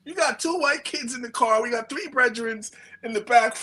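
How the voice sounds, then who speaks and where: A middle-aged man with a New York accent, telling his stories in a slangy, animated way and acting out what people said. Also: extremely high pitch, moderate pace, rough recording. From United States. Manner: slangy and animated, acts out quotes. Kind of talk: casual storytelling.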